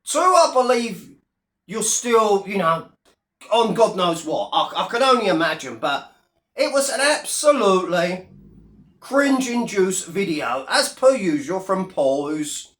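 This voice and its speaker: A man's voice: sits high, very animated, a little slow, a bit bright, roomy sound. A man in his thirties ranting on his vlog, sneering and swearing at a rival. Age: 30s. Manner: sneering, profane, taunting. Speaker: YouTuber.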